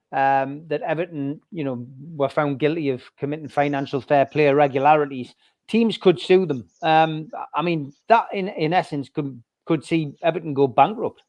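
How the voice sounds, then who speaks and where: A man's voice: a little high, a little mellow. A man hosting a casual football podcast, hesitant, with stammered restarts before he makes his points. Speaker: podcast host.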